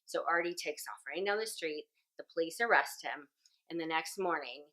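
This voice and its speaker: A woman tells a joke to the camera, taking care with each step. Her voice is low yet bright in tone. A few fillers slip in as she goes. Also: normal speed, poor audio.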